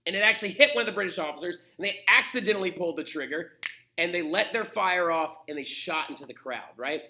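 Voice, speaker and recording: Male teacher, casual lecture; high, very bright voice; chatty, keeps checking in with "right?". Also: quick pace, a little hiss or hum.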